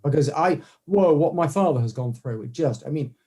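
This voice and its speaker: A man being interviewed, telling stories in a lively conversational way and acting out what other people said. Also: fairly high pitch, normal speed. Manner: animated storytelling, acts out quoted voices. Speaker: guest, orthodontic clinician.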